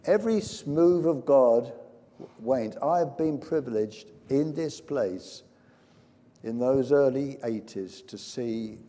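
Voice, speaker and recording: Older male preacher, mellow, echoing hall. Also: medium pitch, lively intonation, slow pace. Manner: emphatic, rising to loud peaks. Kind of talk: sermon. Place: church. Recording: long hall reverb.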